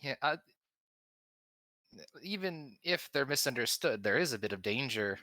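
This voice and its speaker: A player role-playing a character in a tabletop game, asking politely and hesitantly with many restarts. The voice is bright, recorded close and dry. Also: medium pitch, lively intonation, moderate pace, dry recording.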